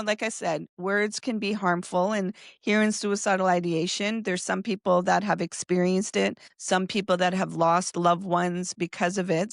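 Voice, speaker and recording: A woman's voice: mid-range voice, vocal fry, no echo. Female wellness guest, reflective and earnest, mid-range voice, dry close-mic sound. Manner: earnest and reflective, speaks in flowing explanations. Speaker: guest, somatic and nervous system specialist. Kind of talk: casual conversational interview.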